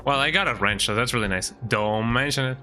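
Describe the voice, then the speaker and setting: A man's voice: medium pitch, brisk, loud music behind the voice. A man streaming a game, chatting casually, often ending sentences with "eh?" and talking to his cat. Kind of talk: casual gameplay commentary.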